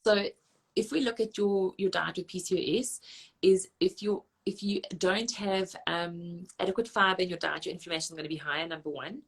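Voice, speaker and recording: Brisk woman dietitian, lowish voice. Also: steady tone, creaky, breathy edge. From South Africa. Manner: brisk, practical advice-giving with lists. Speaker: registered dietitian. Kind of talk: live online Q&A talk.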